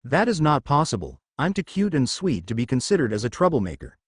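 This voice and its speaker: A man's voice: medium pitch, sing-song, a little fast, breathy edge, no echo, clean studio sound. A man reading as a cheeky boastful young man. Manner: cheeky and self-satisfied.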